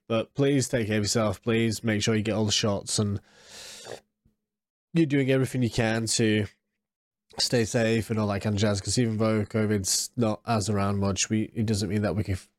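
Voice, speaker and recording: Talking casually as a solo podcast host, a man in his thirties wanders through his thoughts, restarting often and leaning on fillers. His congested, nasal voice sits on the low side with a steady tone and moderate pace, captured in a dry, clean studio recording.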